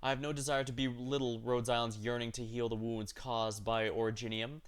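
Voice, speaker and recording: A man voicing a hoarse dying demon king. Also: medium pitch, little pitch movement, a little fast, natural voice. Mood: scornful. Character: dying old male demon king, proud and scornful. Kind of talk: dramatic reading of game story.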